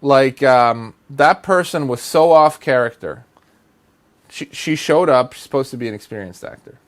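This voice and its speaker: A man's voice: medium pitch, lively intonation, moderate pace. A man giving acting advice in a blunt, exasperated rant, hammering points with repetition. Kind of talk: direct-to-camera advice rant.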